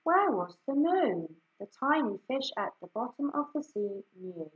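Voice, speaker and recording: A woman reading a children's picture book aloud, slow and expressive. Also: on the high side, phone-quality sound. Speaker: story reader. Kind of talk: children's story read-aloud. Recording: echoey room.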